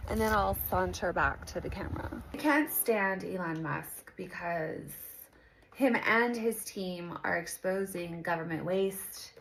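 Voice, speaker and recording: A woman's voice: fairly low pitch, a little slow, noisy background, voice pushed down. A woman putting on a sarcastic, airy parody voice of a smug celebrity woman. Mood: mocking. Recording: clear music playing behind.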